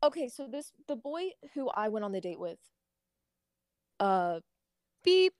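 A woman's voice: fairly high pitch, big pitch swings, unhurried, a little mellow, no room sound. Wry young woman, dry sound. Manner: candid, wry, with fillers. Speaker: podcast co-host. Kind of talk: casual chat.

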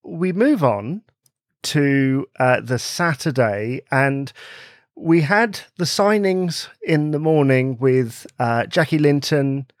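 An upbeat male podcast host keeps the chat moving quickly and sounds keen. His voice is mid-pitched for a man. The recording is dry and close. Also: animated, dry recording. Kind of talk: casual chat and interviewing.

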